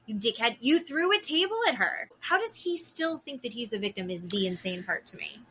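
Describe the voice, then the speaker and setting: A woman co-hosting a casual podcast, her voice bright and a little high. She gets heated and rattles off what the cast members said. A faint hiss sits under the recording. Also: sing-song. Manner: heated, quotes cast members in quick bursts. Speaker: podcast co-host. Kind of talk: casual recap chat.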